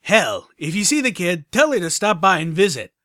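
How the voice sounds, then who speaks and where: A man voicing a boisterous male pony radio DJ with hyped, booming broadcaster patter. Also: sing-song, normal speed, sharp tone, no room sound, clean studio sound, heavily acted.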